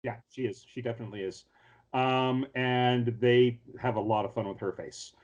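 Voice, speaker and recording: On a casual podcast, a male co-host rambles through an anime episode recap, leaning heavily on fillers and restarting often. His mid-range voice is steady and a little mellow at normal speed, with the highs cut off.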